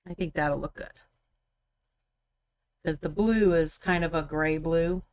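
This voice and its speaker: Her voice is deep and a little mellow, her pace slow, with no room sound. She's a young woman hosting a live miniature-painting stream, chatty and laughing often while she paints and teases her co-host.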